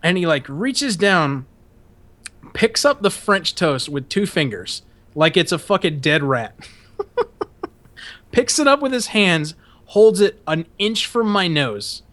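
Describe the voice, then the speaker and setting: A young man hosting a podcast, casually telling a story, swearing often, laughing and acting out shouted quotes. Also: sits high, sing-song, slow pace, long pauses. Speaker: podcast host.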